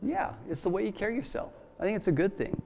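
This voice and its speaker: A man's voice: sits high, animated, fast talker, vocal fry, darkish tone, a little hiss or hum. A man preaching a sermon in church, in a conversational, folksy way with many fillers and asides. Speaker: pastor.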